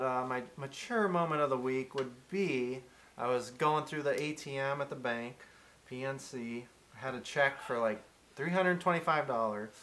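A man co-hosting a podcast, telling a story in a dry, deadpan way. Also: mid-range voice. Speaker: podcast co-host. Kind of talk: casual chat.

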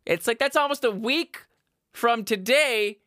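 Speaking at a measured pace in a very high, pushed, bright voice, a young man hosts a podcast and rants casually and in exasperation, with frequent laughs and swearing. He uses a headphone mic, and the recording is dry and studio quality.

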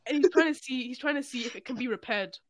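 A young man co-hosting a casual podcast, excitable and profane as he reads out odd news stories. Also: extremely high pitch, fast. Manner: excitable, swearing, laughs while reading news. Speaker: podcast co-host.

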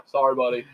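A middle-aged man telling rambling, profane stories in a casual chat, animated and full of quoted voices. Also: mid-range voice, slight background noise. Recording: dull lo-fi sound.

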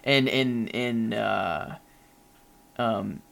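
A man's voice: fairly low pitch, drawn-out words, gravelly, a bit bright. A young man co-hosting a podcast in casual chat, rambling with many fillers and restarts. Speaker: podcast co-host.

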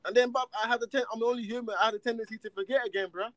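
Man, casual chat, high voice, dry close sound, rhetorical and animated, slang-heavy. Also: rapid-fire, dry recording. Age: adult with children.

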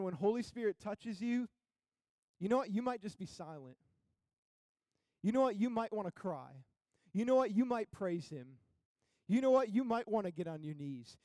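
High-voiced young male pastor preaching. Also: mellow, dry recording, studio quality. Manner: conversational preaching with rising emphatic peaks. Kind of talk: sermon.

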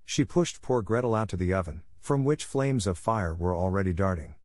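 A man narrating a fairy tale in a steady, measured storybook reading. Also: sits low, no echo, clean studio sound.

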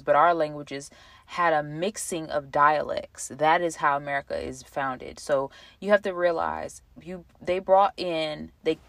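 A woman with a lowish voice talks in a loose, reflective monologue, circling back and restarting as she works through her thoughts. The sound is close and dry, with no room around it. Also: no room sound. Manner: reflective, conversational, many fillers and restarts. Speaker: podcast host. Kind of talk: casual monologue.

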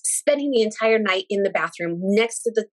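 A woman in her thirties telling a personal story in casual conversation, animated and emotional, acting out quoted dialogue and speaking in religious, thankful terms. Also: medium pitch, normal speed. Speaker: guest sharing a personal story.

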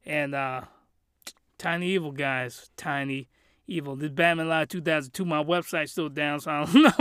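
Excitable high-voiced man ranting. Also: clear, resonant tone, no room sound, clean studio sound. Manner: excitable, slangy, repeats phrases for emphasis. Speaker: host reviewing anime. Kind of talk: casual review rant. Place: small closet home studio.

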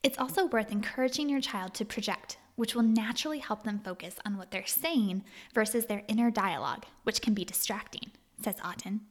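A woman's voice: medium pitch, a little fast, hardly any pauses, big-room sound. A woman narrating an article, reading out numbered tips and attributing quotes. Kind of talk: scripted narration.

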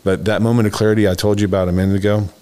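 Deep-voiced older man telling his story. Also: little pitch movement, rapid-fire, mellow. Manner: candid, rambling, acts out quotes in a raised voice. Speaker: podcast host. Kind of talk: casual storytelling chat.

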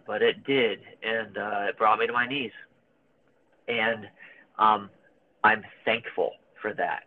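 A man in his thirties speaks candidly and emotionally, often stopping and restarting his thoughts. His voice sits a little low. It comes through narrow and phone-like. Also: slight background noise. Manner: emotional, searching, many fillers and restarts. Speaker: guest. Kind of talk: candid conversation.

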